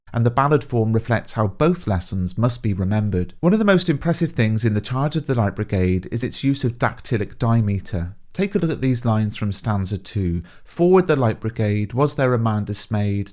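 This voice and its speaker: A man teaching English as he explains poems in a scripted revision lesson, with clear, measured delivery and stress on key words. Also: mid-range voice, darkish tone.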